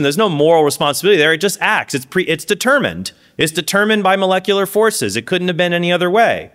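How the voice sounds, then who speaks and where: A man giving a lively lecture at a conference, with quick asides and self-corrections. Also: a little high. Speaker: speaker giving a conference talk. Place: conference stage before an audience.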